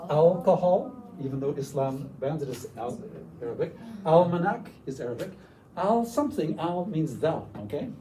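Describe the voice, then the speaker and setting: Man, workshop presenter, lively pitch, mellow tone, heard from a distance with faint room noise. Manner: lively, demonstrative, models foreign words. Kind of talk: teacher workshop talk. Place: lecture room.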